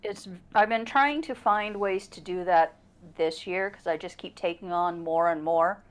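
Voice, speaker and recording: A woman co-hosting a casual livestream as its producer, chatty and quick to laugh. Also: on the low side, clear, resonant tone. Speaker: producer and co-host.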